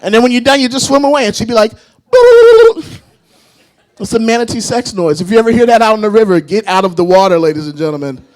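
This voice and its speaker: A man performing a self-mocking stand-up comedy set on a club stage, animated and laughing at his own jokes. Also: high voice, very fast, few pauses.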